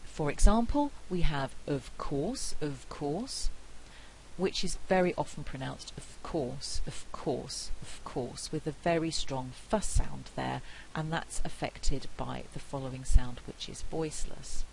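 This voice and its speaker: A woman's voice: deep voice, a little mellow, slight background noise, rough recording. Woman lecturing on phonetics, British accent. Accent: British English. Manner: clear, measured explanation with spoken pronunciation examples. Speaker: university lecturer.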